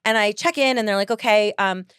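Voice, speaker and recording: A woman podcast host telling a personal story in casual chat, animated, laughing often and acting out other people's lines. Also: medium pitch, a little fast, clear, resonant tone, no echo, clean studio sound.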